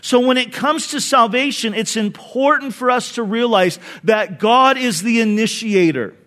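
A male pastor preaching a sermon, telling a personal story earnestly and dropping soft and low for memories. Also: moderate pace.

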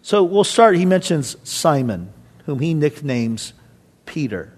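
A man's voice: on the high side, big pitch swings, slow pace, a little mellow. A man as pastor, giving a conversational, storytelling sermon to a church. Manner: conversational, storytelling, acts out quoted voices.

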